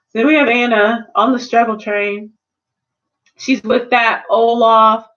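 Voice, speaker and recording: Woman, high voice, sassy slangy film review chat, dull lo-fi sound. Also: normal speed, a bit bright. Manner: sassy, slangy, playful retelling. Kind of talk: casual spoiler review chat.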